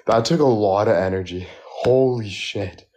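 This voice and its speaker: A man chatting on a live stream, joking around loudly and bantering with his viewers. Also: on the low side, unhurried, low-quality recording. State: out of breath. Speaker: livestreamer. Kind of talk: casual live-stream chat.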